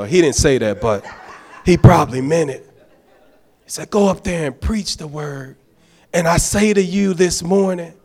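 A man preaching a fervent sermon as a deacon, repeating phrases and restarting his words. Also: high-pitched.

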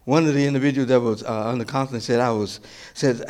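A male pastor in the middle of a sermon, his voice at an ordinary middle pitch. He keeps asking the congregation questions and supplying the answers himself, climbing to loud, emphatic declarations and then sinking to hushed, almost whispered points. His voice sometimes drifts away from the mic. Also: fairly even intonation, fast. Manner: call-and-response questions, swings from loud preaching to near whispers.

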